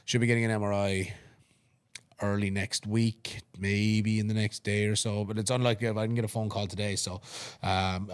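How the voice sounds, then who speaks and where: A young Irish man co-hosting a sports podcast, talking in a relaxed, rambling way and often restarting his sentences. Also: on the low side. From Ireland. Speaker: podcast co-host and strongman competitor. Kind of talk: casual chat.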